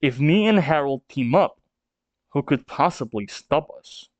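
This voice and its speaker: A man reading the lines of a brash, ambitious male pirate captain in a gruff, boastful tone. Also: fairly high pitch, expressive, unhurried, darkish tone, no room sound, lo-fi sound.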